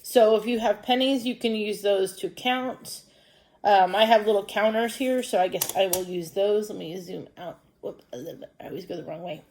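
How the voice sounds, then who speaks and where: A woman's voice: mid-range voice, normal speed, a little mellow. A woman teaching a first grade lesson by video, patiently explaining reading and math step by step for young children. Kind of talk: recorded distance-learning lesson.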